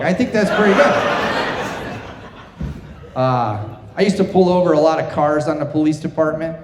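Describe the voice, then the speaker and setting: A middle-aged stand-up comedian with a high voice performs a set in a theater for a live audience. His chatty, self-deprecating stories mix with crowd work, and the theater's long reverb gives the sound a strong echo.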